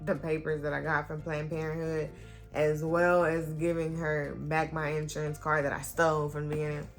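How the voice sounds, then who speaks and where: A woman vlogger telling a personal story to her viewers, animated and full of fillers. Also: sits low, moderate pace, faint music behind. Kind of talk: storytime vlog.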